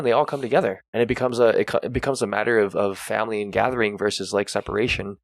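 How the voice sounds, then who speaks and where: Low-voiced man rambling with curses. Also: fairly even intonation, racing, no room sound. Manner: rambling, profane, searching for words. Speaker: podcast co-host. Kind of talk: casual chat reviewing a film.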